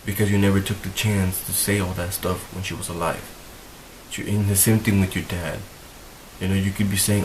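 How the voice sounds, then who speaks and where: A man's voice: deep voice, little pitch movement, moderate pace, a little hiss or hum, low-quality recording. A young man talking earnestly to his viewers in a heartfelt vlog, rambling and repeating himself as he gets emotional. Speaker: vlogger. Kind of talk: earnest talk to camera.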